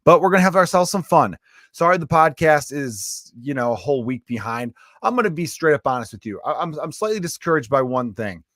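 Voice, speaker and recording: A man's voice: fairly high pitch, big pitch swings, a little fast, a bit bright, no room sound, studio quality. A man hosting his own podcast, a stand-up comedian ranting casually and bluntly, swearing freely, with a lingering cough. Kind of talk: casual profane rant.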